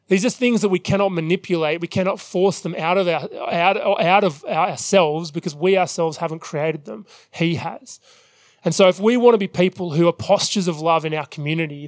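A man preaching a sermon as pastor, earnest and measured, often pausing on "um". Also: on the high side, no echo, clean studio sound.

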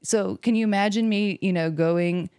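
A woman's voice: moderate pace, clean tone, no echo, studio quality. A young woman with a Milwaukee accent, chatting as an interview guest and acting out quotes with laughs. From South Milwaukee, Wisconsin. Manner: animated, acts out quotes in high voices, laughs often. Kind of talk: casual interview chat.

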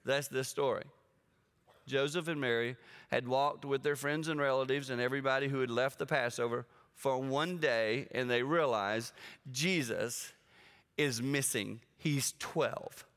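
A man's voice: mid-range voice, measured pace. A man preaching a sermon as a guest speaker. He tells stories animatedly and speaks straight to the congregation. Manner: animated storytelling, addresses the congregation directly. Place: church auditorium with an audience. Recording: long reverb of a large hall.

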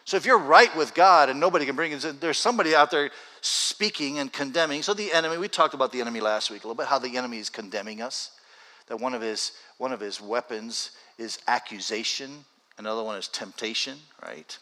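A man preaching a sermon in a church, talking conversationally and slowing down deliberately for scripture readings. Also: medium pitch, pushed and bright, low-quality recording. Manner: conversational, builds to urgent raised passages; reads scripture slowly and deliberately. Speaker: pastor. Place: church sanctuary with congregation.

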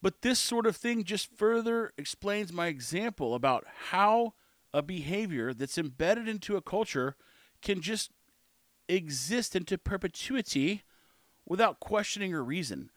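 Blunt, sarcastic man, opinion monologue, fairly high voice, dry close sound. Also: lively intonation, unhurried, a bit bright, no room sound.

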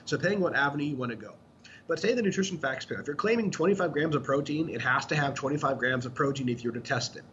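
Fast-talking blunt man, lo-fi sound. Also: a little high, expressive, fairly bright tone. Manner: blunt, profane, emphatic explaining. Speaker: podcast co-host. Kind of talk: casual podcast chat. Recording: dull lo-fi sound with faint noise.

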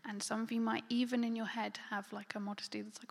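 A woman's voice: fairly high pitch, flat delivery, brisk, vocal fry, big-room sound. A woman preaching a sermon in a conversational, filler-heavy way, often dropping to a near-whisper. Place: church hall.

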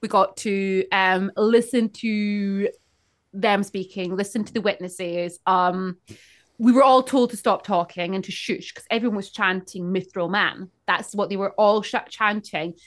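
A woman co-hosting a podcast, telling a story in an animated, casual way and acting out the people she quotes. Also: medium pitch, measured pace. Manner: animated, acts out quoted characters. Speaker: podcast co-host.

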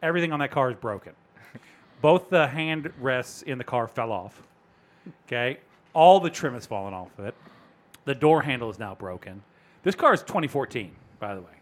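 A man, probably in his thirties, hosting a casual podcast and telling a story with animated delivery, acting out other people's lines. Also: mid-range voice. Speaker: podcast host. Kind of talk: casual chat.

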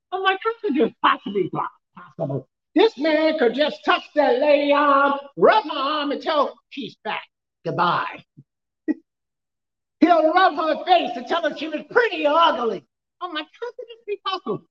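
A man with a high voice preaches a sermon, mixing funny stories and laughter with shouted questions to his congregation. The sound is roomy and a little muffled, as if taken from the back of a church. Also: animated, normal speed. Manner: storytelling, humorous, laughs often. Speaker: pastor.

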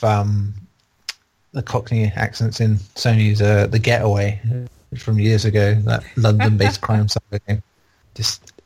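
A man's voice: fairly low pitch, vocal fry, a little mellow, breathy edge. A man reviewing games in a casual, rambling and opinionated chat. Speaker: game reviewer on a podcast.

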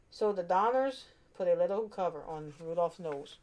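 Brief: woman reading a kids' storybook, expressive, a few stumbles. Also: fairly low pitch, normal speed, hardly any pauses. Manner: expressive, with small slips and restarts. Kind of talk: children's storybook read-aloud.

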